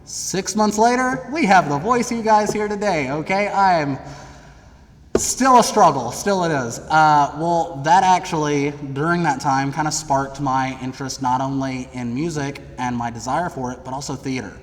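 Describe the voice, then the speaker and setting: A young man from Middle Tennessee telling funny stories about his own past to college students, in a lively, theatrical, self-deprecating way. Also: a little high, normal speed. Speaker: speaker addressing college students. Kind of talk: humorous personal storytelling. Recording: long reverb of a large hall, faint background noise.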